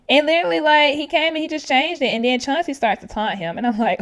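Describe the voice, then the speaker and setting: A woman hosts a podcast recapping a reality show, chatting casually and animatedly with slang and frequent laughter. Her high voice moves at a quick pace with few pauses.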